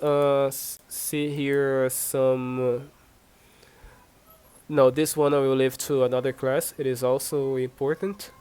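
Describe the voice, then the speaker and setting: A man's voice: mid-range voice, smooth, dry recording. A man from Brazil with a Brazilian accent, speaking English as a second language while he teaches an online class, patiently repeating himself and giving examples. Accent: Brazilian Portuguese. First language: Portuguese. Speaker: Portuguese teacher.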